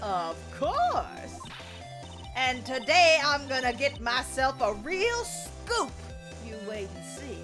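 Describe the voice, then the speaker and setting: A woman voicing a brash, excitable southern photographer with a drawling put-on accent. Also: high-pitched, slow pace, pitched above the performer's own voice, heavily acted. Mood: boastful. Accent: American Southern, put on. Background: game music.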